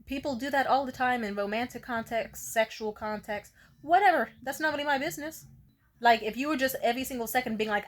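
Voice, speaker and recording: A woman's voice: a little high, fairly quick. A young woman telling a story to camera in a blunt, profane, casual way, often laughing. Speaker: vlogger.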